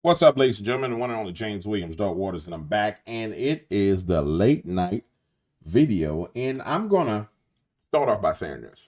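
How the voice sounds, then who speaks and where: New orleans guy doing a late night rant to his viewers, lowish voice, preachy and emphatic. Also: very animated, normal speed, a little mellow. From Louisiana. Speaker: YouTube host. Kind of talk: late-night commentary monologue.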